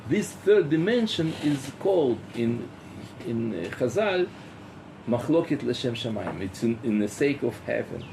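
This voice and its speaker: Rabbi giving a lecture, slow and halting, lively pitch, a bit of fry. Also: male voice, background noise. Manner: halting, with many fillers and restarts; rhetorical, acts out dialogues. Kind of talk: philosophy lecture.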